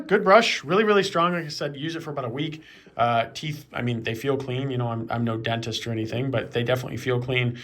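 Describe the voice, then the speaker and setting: Regular guy chatting through a product review, easygoing, um and uh a lot, faint hiss behind. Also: mid-range voice. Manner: relaxed and conversational, with frequent fillers.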